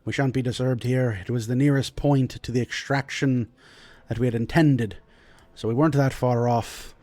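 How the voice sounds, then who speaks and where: A man's voice: steady tone, normal speed, warm tone, no room sound, close to an everyday voice. A man voicing a proud, commanding middle-aged male dwarf lord who speaks grandly in a tabletop game. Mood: hearty. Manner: pompous, booming and grand.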